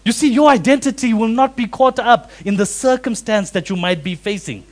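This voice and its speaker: A man preaching a sermon, animated and acting out quoted voices. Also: high-pitched, moderate pace. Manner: animated, acts out quoted voices with big swings in loudness. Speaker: pastor.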